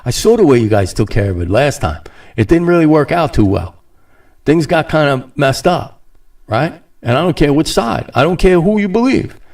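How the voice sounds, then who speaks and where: A man's voice: medium pitch, darkish tone, recorded from a distance. A man hosting a podcast, ranting in a casual monologue, sarcastic and rambling, slipping into mocking voices and laughing often. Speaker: podcast host.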